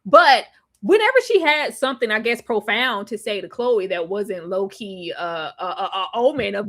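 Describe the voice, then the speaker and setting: A woman co-hosting a casual movie review chat, emphatic and animated, acting out lines of dialogue as she talks. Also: medium pitch, moderate pace. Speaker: podcast co-host.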